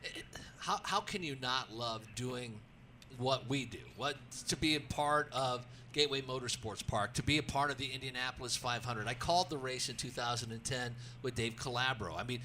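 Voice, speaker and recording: Forceful, excitable male announcer guest. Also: medium pitch, normal speed, slight background noise. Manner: excitable, acts out his own calls, many restarts. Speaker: racetrack announcer, show guest. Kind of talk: animated storytelling in a radio interview.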